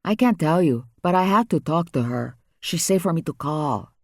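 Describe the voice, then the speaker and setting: A man's voice: a little high, animated, moderate pace, dry recording, studio quality. A man voicing a frightened young Hispanic man on the run, speaking broken English with a heavy Spanish accent. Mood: nervous. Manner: broken English, nervous and evasive.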